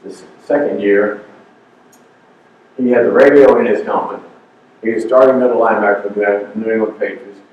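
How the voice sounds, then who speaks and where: A man's voice: on the low side, moderate pace, long pauses. Emphatic older man, echoey hall. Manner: emphatic, preachy, repeats his points. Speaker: guest speaker. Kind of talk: motivational talk. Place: community center hall. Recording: echoey hall, far off, dull sound.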